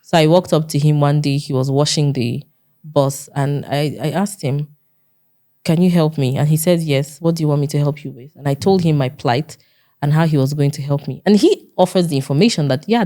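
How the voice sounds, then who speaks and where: Low-voiced Nigerian woman telling her story. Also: normal speed, dark tone. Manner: earnest storytelling, repeats herself, acts out quoted dialogue. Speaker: guest. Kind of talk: personal story in interview.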